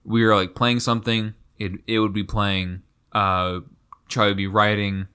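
Laid-back young man, bright low voice. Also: little pitch movement, moderate pace, clear, resonant tone. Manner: rambling, laid-back storytelling with fillers. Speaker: podcast co-host. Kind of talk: casual chat.

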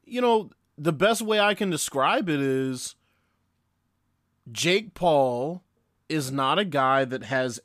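His voice sits a little high with a fairly bright tone, and the studio-quality recording has no echo. He's a man in his late twenties hosting a sports podcast, chatting casually and straight to his audience in a brash, profane, upbeat manner.

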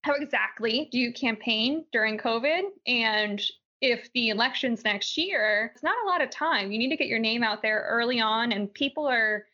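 A woman's voice: fairly high pitch, moderate pace, sharp tone, dull audio. A woman co-hosting a podcast, chatting casually through the week's news with frequent laughs and "like" fillers. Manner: giggly, chatty, many "like" fillers. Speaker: podcast co-host. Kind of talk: casual news-review chat.

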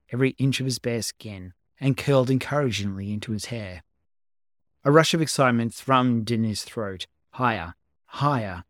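A man reading a story aloud as an amateur narrator, calm and even. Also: mid-range voice, dry recording, clean studio sound. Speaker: amateur reader. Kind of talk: audiobook narration of fan fiction.

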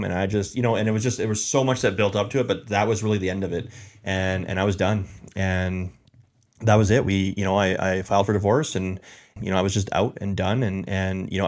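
A man's voice: low voice, darkish tone. A man telling his life story as an interview guest, rambling with lots of fillers and repeats.

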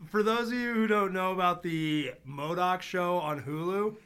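A man's voice: high-pitched, normal speed, smooth. A man co-hosting a casual comic-book podcast, retelling stories with jokes, laughs and mocking asides. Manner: animated, jokey, laughs often, mocks characters in put-on voices. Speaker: podcast co-host. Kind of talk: casual chat recapping comics.

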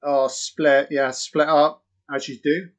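A man giving crude, excitable, mocking live commentary on a horror film. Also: on the high side, takes it slowly. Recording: dull lo-fi audio.

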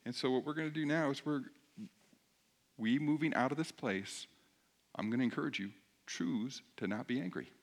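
Guy pastor preaching, chatty and animated, gets loud and excited. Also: medium pitch, normal speed, long pauses. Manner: animated and conversational, rising loud when preaching. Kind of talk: sermon then quiet prayer.

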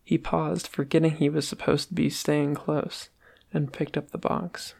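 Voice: medium pitch, level tone, moderate pace, gravelly, darkish tone. An amateur reader narrating a fan story aloud, stumbling and restarting now and then.

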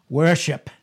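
In this expository sermon, a pastor reads scripture aloud in King James wording, going verse by verse. He keeps interrupting himself with asides and rhetorical questions.

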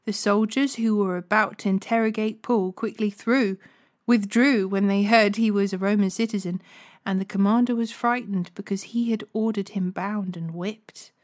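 A woman hosting a daily Bible reading, reading scripture in a measured, unhurried way. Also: medium pitch, steady tone.

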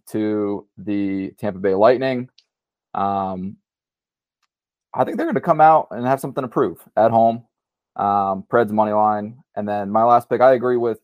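Man, lowish voice, podcast co-host, teasing, lots of fillers, dry sound. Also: darkish tone, clear, resonant tone, no echo. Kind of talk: casual sports-betting chat.

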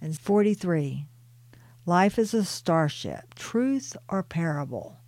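A woman reading aloud from her own spiritual book in a soft, earnest, unhurried way, stopping for personal asides. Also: on the low side, expressive, dry recording.

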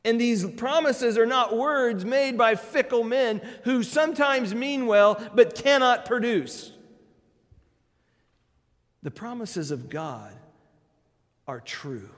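A man preaching a sermon, emphatic, moving between loud declarations and quiet, low phrases. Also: animated, takes it slowly, long pauses, in a large hall.

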